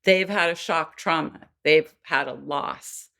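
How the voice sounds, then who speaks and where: Deep and slow, her voice carries vocal fry and a sharp edge. As a child development expert appearing as a podcast guest, she explains in earnest and occasionally performs the voices she quotes.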